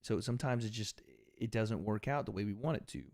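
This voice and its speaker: A man's voice: fairly low pitch, a little fast, a little mellow, dry recording, clean studio sound. A man hosting a livestream watch party, giving casual, profane commentary on a fight and bantering with his chat. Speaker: livestream host.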